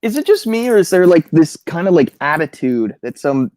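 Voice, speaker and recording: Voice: medium pitch, big pitch swings, fairly quick, a little mellow, no room sound. Co-host, profane sarcastic ranter, dry close recording. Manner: blunt, profane, sarcastic ranting. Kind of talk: casual podcast chat.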